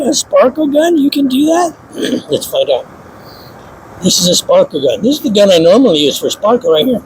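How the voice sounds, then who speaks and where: Snarky, excitable man demonstrating spray guns. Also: sits high, slight background noise, rough recording. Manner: snarky, self-mocking, excitable. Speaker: paint instructor. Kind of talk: casual hands-on demonstration.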